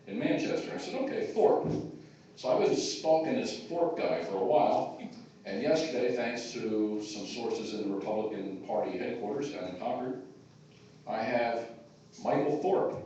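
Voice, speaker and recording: A man's voice: lowish voice, a little mellow, dull audio, slight background noise. A man giving an informal, rambling speech to a gathering, with many filler words. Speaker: chairman of a taxpayers' group giving a speech. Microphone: phone in the audience. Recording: echoey hall captured from far off on a phone.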